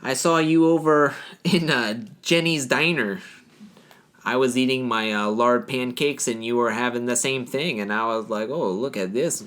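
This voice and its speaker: A man's voice: mid-range voice, fairly bright tone, lightly acted. A man putting on an Upper Midwest accent to play a lonely, rambling small-town man flirting at a diner. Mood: flirty. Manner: folksy, drawn-out, rambling.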